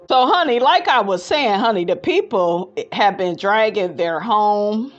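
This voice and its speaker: Sassy woman with slow, lively speech. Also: medium pitch, lo-fi sound, faint music behind. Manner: sassy, calls listeners honey, prone to laughing fits. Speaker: gossip commentary host. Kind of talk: reality TV gossip commentary reading viewer comments.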